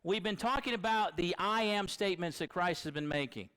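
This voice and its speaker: A man's voice: high voice, fairly quick, a bit bright, rough recording. A man preaching a sermon in a conversational, storytelling manner.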